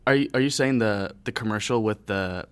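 A man's voice: on the low side, a little fast, smooth. A young man co-hosting a podcast, telling stories among friends with lots of laughter. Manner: laughing, animated storytelling. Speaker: podcast co-host. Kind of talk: casual storytelling banter.

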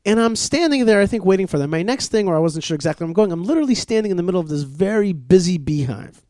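A fairly high-voiced man with a lively, swinging delivery tells stories on a podcast. He gets excitable, acts out the people in his anecdotes, and trips over restarts as he talks. The sound is close and dry. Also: rapid-fire, no echo. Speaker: podcast co-host. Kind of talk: animated storytelling chat.

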